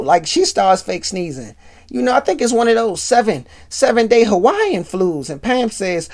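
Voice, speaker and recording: A man's voice: sits high, very animated, normal speed, darkish tone. A man hosting a podcast, casually retelling a sitcom episode and acting out every character. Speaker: podcast host.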